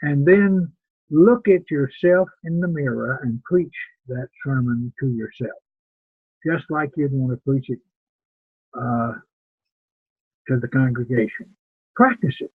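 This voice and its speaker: A man's voice: medium pitch, slow, pauses often, husky, dry recording. An older man teaching preaching students in an earnest, plain-spoken way, often repeating words as he thinks. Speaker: preaching instructor. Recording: tinny phone-like sound.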